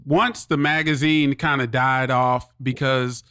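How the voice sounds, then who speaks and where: A man's voice: medium pitch, steady tone, takes it slowly, fairly bright tone, clear, resonant tone, no room sound, studio quality. A man co-hosting a podcast, mostly giving short agreements before asking his partner a question. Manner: supportive, short affirmations, then asks questions. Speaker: podcast co-host. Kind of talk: casual chat.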